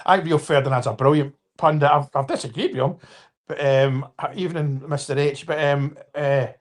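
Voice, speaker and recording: A man's voice: fairly high pitch, steady tone, normal speed. A man in his fifties hosting a casual live-stream football chat, rambling with restarts and apologies and talking to viewers by name. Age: 50s.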